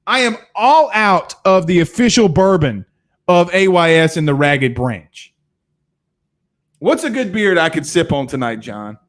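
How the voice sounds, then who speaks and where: A man's voice: a little high, expressive, measured pace. A man hosting a casual post-game sports talk show, reading viewer comments and ranting in a blunt, profane way. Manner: blunt, heated, profane, laughs often.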